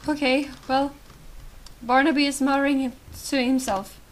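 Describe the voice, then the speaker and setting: A woman's voice: high voice, little pitch movement, moderate pace, very noisy. A young woman playing a game, reacting emotionally and reading its dialogue aloud. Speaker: let's play host. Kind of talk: let's play commentary and reading dialogue aloud.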